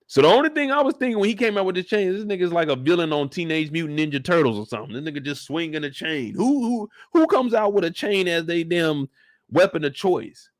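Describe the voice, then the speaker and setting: A man's voice: fairly high pitch, expressive, fast talker, no echo, studio quality. A man giving a casual, joking, profane breakdown of a TV episode. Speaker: show recap host.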